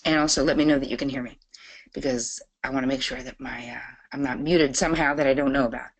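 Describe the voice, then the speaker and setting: A woman's voice: rumbling low, steady tone, fast talker. A middle-aged woman hosting a live online masterclass, chatty and bubbly as she greets viewers by name. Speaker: webinar host. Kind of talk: live webinar chat.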